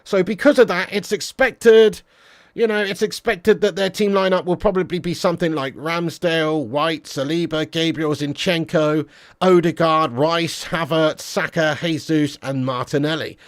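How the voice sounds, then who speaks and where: Man, football fan channel host, live-stream chat, slangy and swearing, fairly high voice, dry sound. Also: steady tone, moderate pace, no room sound. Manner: casual banter, slangy, swearing.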